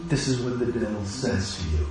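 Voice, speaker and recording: A man's voice: lowish voice, lively intonation, fairly quick. Preaching man in a very echoey church. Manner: swings from hushed asides to rising exhortation. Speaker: pastor. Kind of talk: sermon. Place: church sanctuary.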